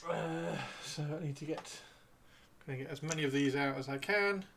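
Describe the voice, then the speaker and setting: A man's voice: a little high, moderate pace, vocal fry, background noise. A man chatting casually on a live stream while painting miniatures, rambling and playfully teasing his chat.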